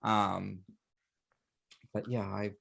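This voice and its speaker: Male podcast host; earnest, emotional, halting delivery. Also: lowish voice, little pitch movement, gravelly, fairly bright tone. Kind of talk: casual interview chat.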